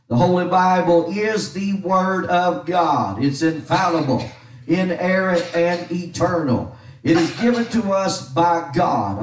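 Echoey middle-aged preacher man, heard from afar. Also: on the high side. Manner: preaching with scripture recitation and call-and-response. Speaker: pastor. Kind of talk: sermon. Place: church sanctuary. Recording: echoey church hall from far off.

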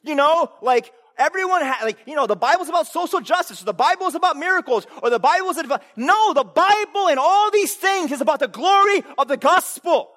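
Male preacher, high voice with lots of movement, casual sermon delivery full of questions to the crowd. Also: lively intonation, a little fast, few pauses. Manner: conversational, asks the congregation rhetorical questions; casual fillers, swings between loud emphasis and quiet asides.

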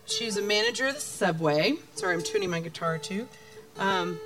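A woman, chatting casually as a guest. She rambles from story to story, laughing as she goes off on tangents. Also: medium pitch. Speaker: guest singer-songwriter.

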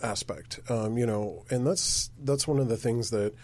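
A man hosting a podcast interview, asking questions haltingly with many fillers. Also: medium pitch, a little mellow. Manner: halting, many "um" and "you know". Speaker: podcast host.

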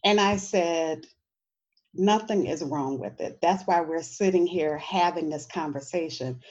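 Woman, middle-aged, from New Orleans, educator on a panel, lowish voice, dull recording. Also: measured pace, darkish tone. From New Orleans, USA. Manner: conversational, frequent "you know" and "right?" asides. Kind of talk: panel discussion.

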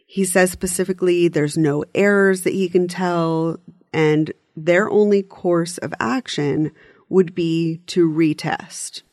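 Lower-voiced woman recapping true crime. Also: steady tone, slow pace, darkish tone, no room sound, clean studio sound. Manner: chatty, recaps events in detail. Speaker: podcast co-host. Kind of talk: casual true-crime discussion.

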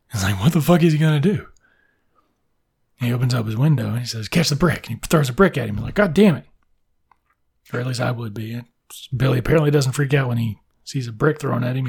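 A young man with a rough, gravelly edge to his voice and a husky grain underneath. He recaps a story with crude, sarcastic humor, swearing freely and popping into quick character voices. The delivery is comedic and loose. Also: medium pitch, darkish tone. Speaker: comedic book reviewer. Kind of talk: profane comedic story retelling.

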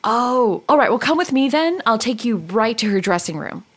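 A woman's voice: fairly high pitch, sing-song, normal speed. A woman doing a flustered backstage attendant. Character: fussy female backstage attendant.

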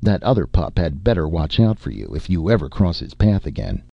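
A man voicing a big gruff barbarian warlord with a deep, rumbling voice, rueful and amused. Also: sing-song, a little fast, no room sound, full character voice. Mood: gently gruff. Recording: dull lo-fi recording.

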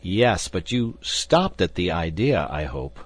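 Anxious young swordsman, husky and raised in pitch, all pleading alarm, as a male reader puts him on. Audiobook reading. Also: sing-song, slow, no echo, full character voice.

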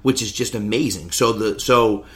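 A man in casual conversation about films, telling scenes with lively acted-out lines. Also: fairly low pitch, moderate pace, a crowd in the background. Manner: animated storyteller, acts out scenes with yelling voices. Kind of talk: casual movie chat.

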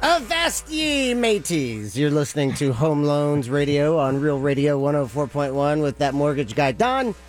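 A man playing a swaggering pirate who growls his words and swings his voice wildly up and down. He drags each phrase out slowly, and faint music plays underneath. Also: big pitch swings. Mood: boisterous. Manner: growling pirate talk with big pitch swoops. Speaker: radio show co-host.

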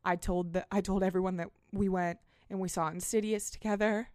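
A woman in her twenties hosting a podcast, telling a story in a casual, animated, self-mocking way with plenty of swearing. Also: mid-range voice, brisk, no echo, studio quality. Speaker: podcast host.

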